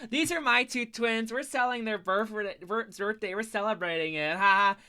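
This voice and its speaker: A storyteller voicing a drunk, chatty middle-aged mother who talks loudly and slowly to a stranger. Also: medium pitch, clean tone, pitched above the performer's own voice. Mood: tipsy chatter.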